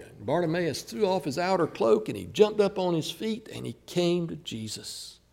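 A man preaching a sermon, retelling a scripture story with acted quotes and dramatic pauses. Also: on the high side, animated, creaky, darkish tone.

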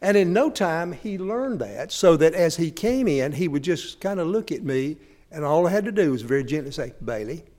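A man's voice: fairly high pitch, animated, moderate pace, darkish tone. A man preaching a sermon, telling folksy stories and talking straight to his congregation. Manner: folksy storytelling, talks straight to the audience. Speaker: pastor.

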